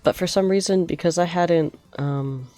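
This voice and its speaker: A woman's voice: on the low side, moderate pace, mellow, no echo, faint music behind. A young woman streaming a game, chatting and telling rambling stories with frequent giggles. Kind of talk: casual gameplay storytelling.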